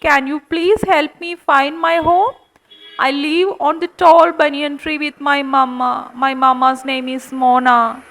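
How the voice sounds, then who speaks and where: A woman's voice: sits high, steady tone, a bit bright, low-quality recording. A woman voicing a small lost boy monkey in a childlike, earnest voice for a puppet show. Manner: childlike, slow and plaintive.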